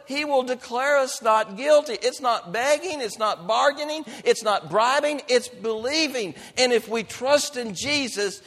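A male pastor preaching a sermon with dynamic delivery, swinging between loud emphatic lines and soft hushed ones. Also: extremely high pitch, a little slow, few pauses, in a large hall.

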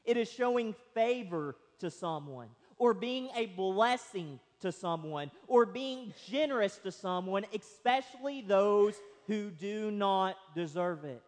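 A pastor preaching a slow, emphatic sermon in a church, his voice rising loud and dropping quiet. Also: sits high, lively intonation. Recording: long reverb of a large hall.

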